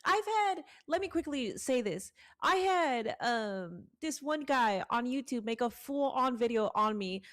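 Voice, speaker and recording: A woman co-hosting a podcast in casual chat, animated and profane as she rants and reads out listener questions. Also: on the high side, measured pace, hardly any pauses. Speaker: podcast co-host.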